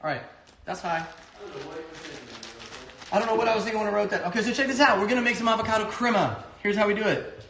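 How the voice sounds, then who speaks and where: A man's voice: high voice, quick pace, long pauses, fairly bright tone, roomy sound. A man hosting a casual home cooking stream, talking loosely and correcting himself as he goes. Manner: loose, rambling, self-correcting. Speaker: home cooking show host and singer. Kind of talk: casual chat while cooking.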